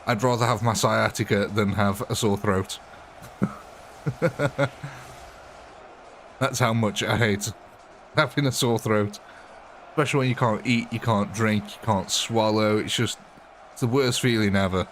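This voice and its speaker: A man with a fairly low voice hosts a live gameplay stream, talking loosely and off the cuff. He rambles between topics, greets viewers by name and breaks into laughs often. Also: fairly even intonation, measured pace, long pauses, fairly bright tone, a little hiss or hum. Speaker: game livestreamer.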